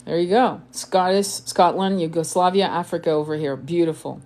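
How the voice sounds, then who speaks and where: A woman's voice: fairly low pitch, fairly even intonation, normal speed, darkish tone. A woman born in France, a tarot reader and spiritual coach, chatting casually on a live stream, rambling with frequent swearing, restarts and laughter. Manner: rambling, profane, laughs often, many restarts. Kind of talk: casual live-stream chat reading comments.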